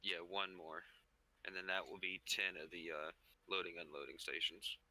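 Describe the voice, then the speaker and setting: A man's voice: deep voice, fairly even intonation, moderate pace, pushed and bright, rough recording. A man chatting casually during a multiplayer game, listing the parts he still needs.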